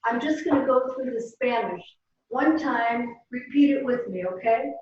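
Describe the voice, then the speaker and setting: A woman teaching a Spanish class over a video call, saying each word slowly and having the class repeat it after her. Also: fairly high pitch, darkish tone. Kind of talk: slow, patient language drill. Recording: echoey, distant, dull and slightly noisy room audio.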